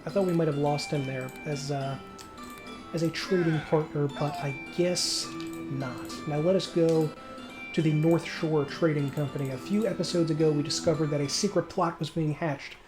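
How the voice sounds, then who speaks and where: A man's voice: on the high side, steady tone, moderate pace, over music. A man casually commenting on his gameplay in a chatty, rambling way, often correcting himself. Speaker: let's play host.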